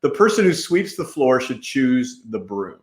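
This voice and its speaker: A man's voice: medium pitch, very animated, measured pace. A male interview host who asks questions with enthusiasm, in a chatty style, often restarting his sentences. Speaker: podcast host. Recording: echoey room sound.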